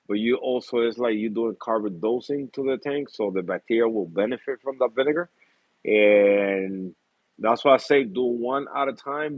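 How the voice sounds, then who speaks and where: Male hobby vlogger, mid-pitched, chatty and self-deprecating, dry slightly muffled home recording. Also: no room sound. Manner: rambling, apologetic, laughs often, many fillers. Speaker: reef tank hobbyist vlogger. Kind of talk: casual chat.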